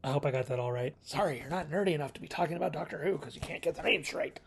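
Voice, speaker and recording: A man's voice: on the high side, racing, creaky, breathy edge. A man hosting his own video channel, giving a casual, rambling review of a classic TV serial, often correcting himself and chuckling.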